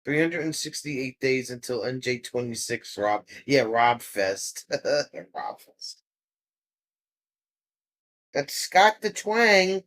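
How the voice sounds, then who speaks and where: Speaking slowly but with animation, this livestream host has a medium-pitched, fairly bright voice. He chats casually with viewers, answering and teasing them while jumping between topics.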